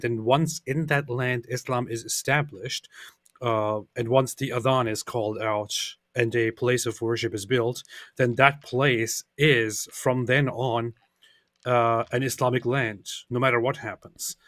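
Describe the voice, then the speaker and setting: Guy explaining stuff slowly w lots of uhs, normal pitch, dry close sound. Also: fairly even intonation, a bit bright, dry recording. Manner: measured, explaining with many fillers. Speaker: co-host. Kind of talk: explanatory commentary.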